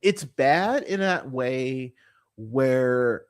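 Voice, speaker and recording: A man's voice: mid-range voice, lively intonation, very slow, smooth. A man hosting a movie podcast, ranting about a film in a casual, profane, exasperated way, often stumbling and repeating words. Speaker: podcast host. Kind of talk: casual movie review rant.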